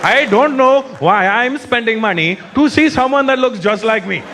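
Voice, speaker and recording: A man doing a stand-up comedy routine on a live stage, animated and slipping into mocking impressions. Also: very high-pitched, normal speed, a crowd in the background. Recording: live show with loud audience and noise.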